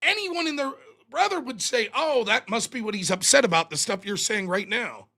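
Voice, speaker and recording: A man's voice: very high-pitched, vocal fry. A man hosting a live call-in stream, talking casually and animatedly, often sounding exasperated and mocking. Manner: animated, exasperated, quick to mock. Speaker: livestream host.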